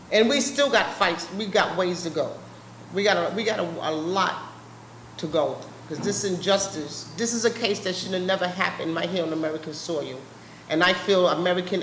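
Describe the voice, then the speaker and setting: A woman's voice: mid-range voice, fairly bright tone. Impassioned, blunt woman in a roomy hall. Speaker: panel speaker at a public forum. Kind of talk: personal testimony at a public talk. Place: meeting room at a live public event. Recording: roomy live-event recording with faint background noise.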